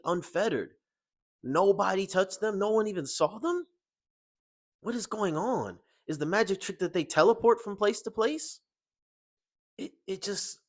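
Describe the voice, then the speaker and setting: A young man giving a casual film review, exasperated and rhetorical, his voice climbing when incredulous. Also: medium pitch.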